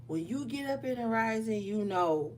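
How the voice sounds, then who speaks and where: A woman's voice: a little high, lively intonation, normal speed, a little mellow, a little hiss or hum. A woman doing a casual live tarot reading, chatty and loose with plenty of swearing. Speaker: tarot card reader.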